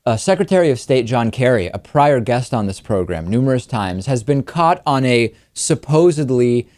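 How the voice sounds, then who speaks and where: A man's voice: medium pitch, animated, a little mellow, no echo, studio quality. Emphatic male news commentary host. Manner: emphatic, argumentative, quickens when pressing a point. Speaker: political talk show host.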